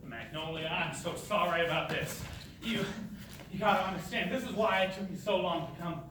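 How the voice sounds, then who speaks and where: A man plays an embarrassed grown son in an indie short film. He hesitates and stumbles over his words. His slightly high voice sounds distant, with heavy room echo and background noise. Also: moderate pace, lightly acted. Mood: awkward. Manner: hesitant, full of uhs, bursts out when pushed. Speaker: grown son at a family dinner. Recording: echoey room, mic from afar, noisy.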